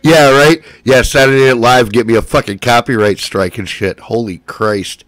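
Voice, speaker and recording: A man's voice: medium pitch, steady tone, normal speed, fairly bright tone, dry recording. A man chatting casually as a show host, laid-back and swearing, smoking and coughing between remarks. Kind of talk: casual chat.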